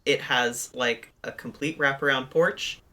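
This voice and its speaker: A returning guest player chatting casually during a tabletop game, excitable and loud, often laughing. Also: mid-range voice, unhurried. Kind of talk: casual tabletop play chat.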